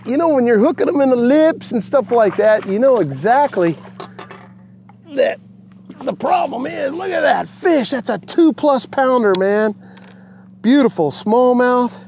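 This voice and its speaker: Man, fishing show host, high voice, swooping animated delivery, outdoors on a lake. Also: measured pace, a little hiss or hum. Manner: whoops and laughs, talks to the fish and the folks at home. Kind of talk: excited on-the-water fishing commentary.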